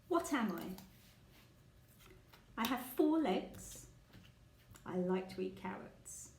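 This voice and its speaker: A woman's voice: fairly high pitch, lively intonation, takes it slowly, vocal fry, slight background noise. A woman leading a guessing game for young children, speaking patiently and asking the listener questions. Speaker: children's teacher. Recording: echoey room.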